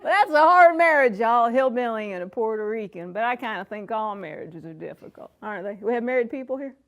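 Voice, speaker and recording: A woman's voice: fairly high pitch, animated, brisk, a bit bright. A woman from Florida doing a folksy, self-deprecating stand-up routine before a live audience, laughing at her own jokes. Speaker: stand-up comedian.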